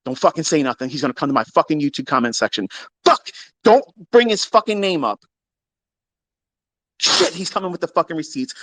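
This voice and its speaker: A man hosting a live audio room, ranting in a casual, heated way. He is profane, taunting and boastful, and he swings between loud outbursts and low mutters. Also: animated, fairly quick, long pauses, no echo.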